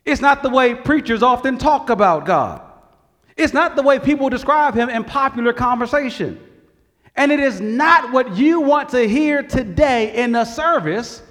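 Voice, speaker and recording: A man's voice: very high voice, fairly bright tone, in a large hall. A man preaching a sermon in earnest, lifting his voice on the quoted cries to God. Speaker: pastor.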